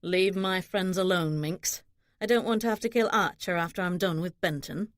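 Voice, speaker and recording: A woman voicing a protective young nobleman who talks in a flat, threatening way. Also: sits high, normal speed, no room sound, lightly acted. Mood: stern. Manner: dry, threatening.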